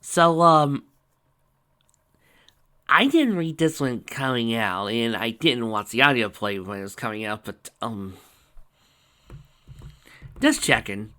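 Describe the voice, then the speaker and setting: A man's voice: medium pitch, expressive, slow pace, pauses often, pushed and bright, clean tone. Wry man reading fanfiction aloud. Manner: wry, rambling asides with fillers. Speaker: fanfiction reader and commentator. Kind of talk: casual reading with commentary.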